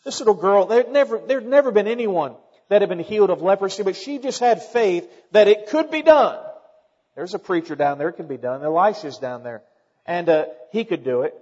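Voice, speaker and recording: High-voiced pastor preaching in a reverberant church. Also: male voice, expressive, fairly quick, a little mellow, highs cut off. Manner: emphatic preaching with rising exclamations. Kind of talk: sermon.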